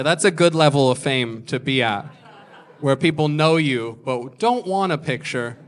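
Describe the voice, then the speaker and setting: A young man tells stand-up stories about himself from a comedy club stage. He mocks himself and jumps into other people's lines with quick put-on voices. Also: fairly high pitch, a bit bright. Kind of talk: stand-up storytelling.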